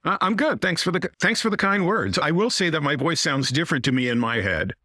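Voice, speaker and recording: A man's voice: a little high, lively intonation, brisk, sharp tone, no room sound. A middle-aged American man, a magician and comedian, chatting as a guest with a rich voice whose sentences turn down at the end. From United States. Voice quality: rich podcasting voice. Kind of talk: casual interview chat.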